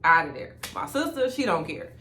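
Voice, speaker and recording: A woman's voice: fairly low pitch, sing-song, moderate pace, sharp tone, slight background noise. A woman vlogger telling a story in a candid, slangy and emphatic way, chatting casually beside a fire. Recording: roomy echo.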